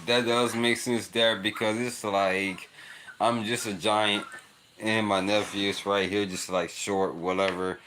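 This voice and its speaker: A man's voice: lowish voice, level tone, slow, background noise. A young man rambling and laughing in a casual livestream chat with a child nearby. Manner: rambling, repetitive, laughs often. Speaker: livestream host.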